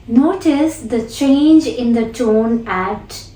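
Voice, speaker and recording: A woman English teacher explaining pronunciation deliberately, then repeating phrases to demonstrate. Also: on the high side, expressive, a little mellow, roomy sound, recorded from a distance, low-quality recording. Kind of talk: spoken lesson with demonstration.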